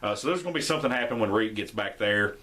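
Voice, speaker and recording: A young man hosting a podcast, casually recapping an episode and acting out the characters' lines with shifting pitch. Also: animated, quick pace, pushed and bright, a little hiss or hum. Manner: rambling, acts out quotes with shifting pitch. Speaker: podcast host.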